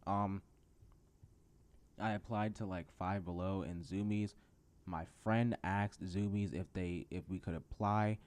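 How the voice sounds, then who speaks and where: A man's voice: low-pitched, steady tone, slow, darkish tone. A teenage guy hosting a solo podcast, ranting sarcastically about his job hunt. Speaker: podcast host.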